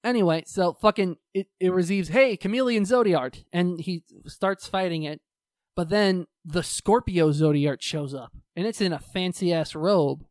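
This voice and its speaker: A co-host talking casually and at length, swearing freely and rambling through a recap. The voice sits at a middle pitch. The sound is close and dry, with no room echo. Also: unhurried, a little mellow. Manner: profane, rambling, acts out quotes in put-on voices. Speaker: podcast co-host recapping a show. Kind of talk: casual chat.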